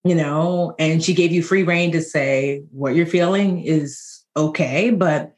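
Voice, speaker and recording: A woman in her forties, a financial educator and podcast guest, telling stories in a lively, joking way. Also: low-pitched, measured pace. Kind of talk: conversational podcast interview.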